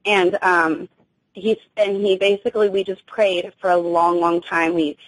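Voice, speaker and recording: A woman's voice: fairly low pitch, fairly even intonation, measured pace, poor audio. A young adult woman gives an emotional first-person account as an interview guest, often stopping to restart her sentences and using many fillers. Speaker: guest recounting an encounter.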